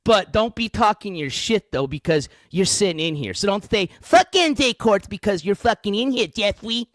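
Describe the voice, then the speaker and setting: A man's voice: high-pitched, animated, normal speed, no room sound, clean studio sound. A man hosting a livestream news show, ranting in an angry, profane, combative way.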